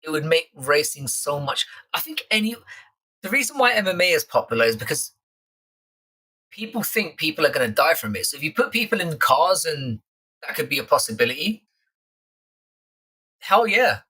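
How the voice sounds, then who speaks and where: A man's voice: a little high, sing-song, fairly quick, bright, forceful tone. A young man with a London accent hosting a live stream chat, casually swearing and teasing the viewers in his chat.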